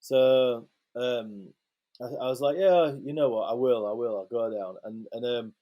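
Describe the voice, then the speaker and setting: A man, a photographer guest telling a lively, sweary anecdote in a casual interview and acting out the quotes. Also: mid-range voice, unhurried.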